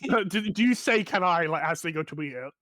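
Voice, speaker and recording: A man's voice: fairly high pitch, expressive, fast talker, fairly bright tone, no echo. A man narrating as game master in a tabletop game, loose and giggly, full of fillers.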